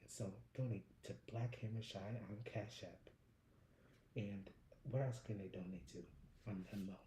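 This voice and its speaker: A man's voice: fairly low pitch, steady tone, normal speed, mellow, reverberant, a little hiss or hum, low-quality recording. A man hosting a casual livestream news show, talking in a laid-back, folksy way. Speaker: host.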